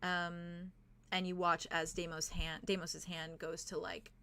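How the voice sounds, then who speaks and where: A woman's voice: lowish voice, little pitch movement, unhurried, bright, forceful tone, clean tone. A young adult woman narrating a tabletop game as game master, describing scenes with frequent fillers.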